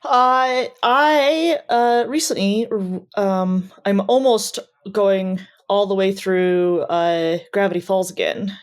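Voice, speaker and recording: A woman's voice: mid-range voice, slow, hardly any pauses, clear, resonant tone. A woman co-hosting a podcast in casual chat, upbeat and playful. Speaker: podcast co-host.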